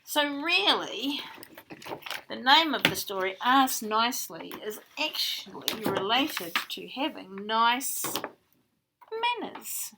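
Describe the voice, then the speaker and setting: A woman teacher reading a picture book to young children in an expressive storytelling manner. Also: on the high side, takes it slowly, heavy background noise.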